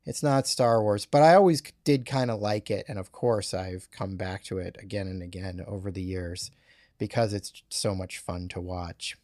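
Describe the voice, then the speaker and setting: A man's voice: low voice, moderate pace, dark tone, no echo, studio quality. A man co-hosting a casual film discussion in a laid-back, wry way. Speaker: podcast co-host.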